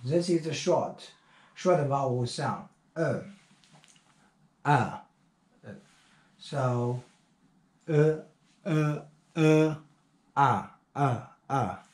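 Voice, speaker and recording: A man whose first language is Chinese drills English sounds very slowly, repeating each word over and over with long hesitations. His pitch sits at a middle level, and the voice rings in an echoey room. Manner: repeats words slowly, many drawn-out fillers. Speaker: English pronunciation teacher. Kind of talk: slow pronunciation drill lesson.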